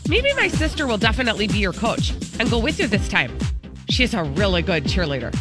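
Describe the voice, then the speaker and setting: A woman's voice: medium pitch, big pitch swings, fairly quick, over loud music, close to an everyday voice. A woman voicing a bubbly teenage girl reading her note aloud, in an exaggerated, sing-song put-on mix of Chicago and Fargo accents. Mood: chirpy. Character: teen girl pen pal, bubbly, thick Midwest accent.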